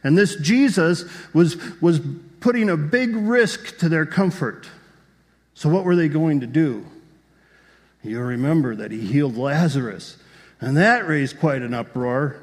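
A man with a fairly high, lively voice speaks unhurriedly, preaching as a pastor. He tells the story vividly and puts rhetorical questions to the congregation, with the long reverb of a large hall around him.

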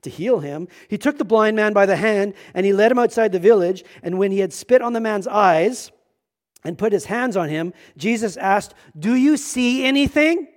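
Man, pastor, sermon, high-pitched, emphatic, earnest, church setting. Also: normal speed, darkish tone. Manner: earnest, emphatic, repeats words when starting a thought.

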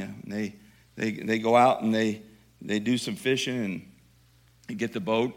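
A male preacher retelling a scripture story in a conversational sermon, dropping to quiet asides and building to emphatic passages. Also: on the low side, fairly even intonation, unhurried, long pauses.

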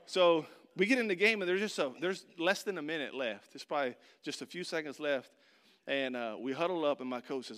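A man preaching in a high, bright, ringing voice. He tells his story with a lot of life, acts out other people's voices and sometimes shouts. He talks straight to the congregation. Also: a little fast. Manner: addresses the audience directly. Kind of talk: sermon with storytelling.

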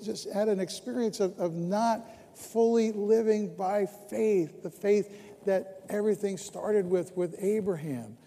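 Pastor, man in his sixties, mellow fairly high voice, storytelling sermon, long reverb of a big sanctuary. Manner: storytelling, shifts from hushed to fervent.

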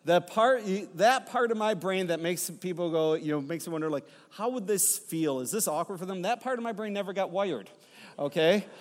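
A middle-aged pastor delivers his sermon with animated, playful storytelling and teasing asides to the congregation. His voice sits a little high for a man. The sound rings with the long reverb of a church sanctuary.

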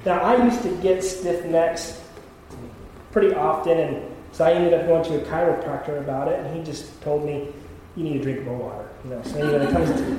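High-voiced pastor in an echoey hall. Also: male voice, dark tone, a little hiss or hum. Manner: storytelling, self-deprecating jokes. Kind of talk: sermon with personal stories. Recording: echoey hall, mic at a distance.

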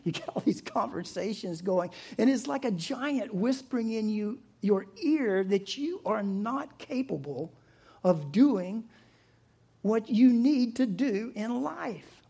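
A man's voice: high-pitched, expressive, slow, gravelly, mellow, breathy edge. A man preaching a sermon in a conversational way, retelling the story vividly. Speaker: pastor.

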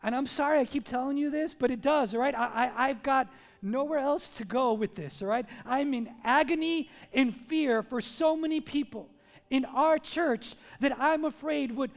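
Man, very high voice, pastor's sermon, emphatic then hushed, long hall reverb. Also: normal speed, creaky. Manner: emphatic, swings from loud confrontation to hushed storytelling.

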